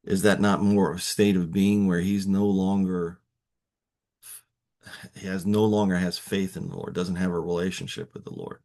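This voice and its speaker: A man's voice: sits low, little pitch movement, normal speed, darkish tone. A man with a Texan accent hosting a casual Bible study, reading verses and musing on them in a conversational way. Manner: musing, conversational, many fillers and restarts.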